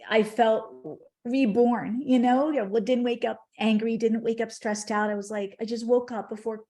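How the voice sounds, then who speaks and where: A woman's voice: a little high, fairly even intonation, normal speed, dark tone. A middle-aged woman, a podcast guest, telling a heartfelt spiritual story in conversation.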